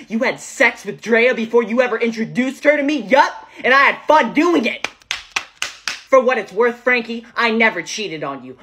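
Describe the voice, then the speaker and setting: A woman's voice: on the high side, bright, forceful tone, slightly rough. A woman speaking heated, confrontational dramatic dialogue full of profanity.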